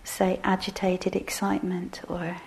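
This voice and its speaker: A middle-aged woman giving a relaxed meditation talk, soft-spoken and self-deprecating with frequent laughter. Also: fairly low pitch, measured pace, creaky. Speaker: meditation teacher.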